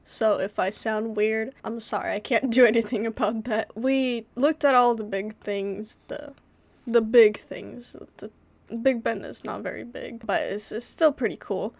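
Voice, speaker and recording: A woman's voice: on the high side, a little slow, gravelly, a little mellow. A woman from the United States, slightly sick, chatting in a rambling casual travel vlog, full of restarts and filler words. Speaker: vlogger.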